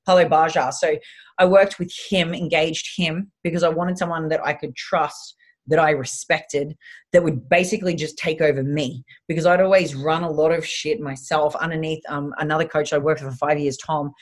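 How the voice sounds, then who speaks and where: A woman with an Australian accent, telling stories as an animated, chatty podcast guest who swears casually. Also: low voice, brisk.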